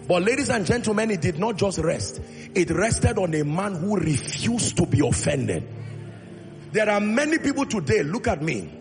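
A man's voice: high-pitched, very animated, normal speed, vocal fry. A male pastor preaching a sermon with emphatic delivery, acting out Bible dialogue in his own voice. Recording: long reverb in a large hall, faint music.

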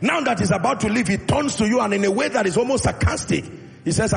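A male pastor preaches a sermon emphatically, acting out Bible dialogue in his own voice. His voice sits high and is creaky, animated and fast. The recording has long reverb from a large hall with faint music underneath.

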